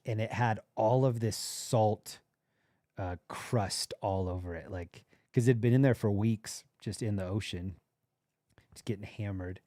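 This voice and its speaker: A man's voice: on the low side, unhurried, dark tone, no echo, studio quality. A man hosting a livestream, telling a long anecdote in casual chat and quoting the people in it. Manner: rambling anecdotal, quotes people in his story. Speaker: livestream host. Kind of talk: casual storytelling.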